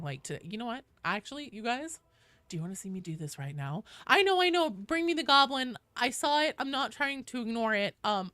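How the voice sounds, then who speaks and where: Bright, lively woman streamer chatting. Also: mid-range voice, no room sound. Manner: chatty, talks to chat and her cat. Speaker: game streamer. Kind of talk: casual live-stream chat. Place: home office with door closed.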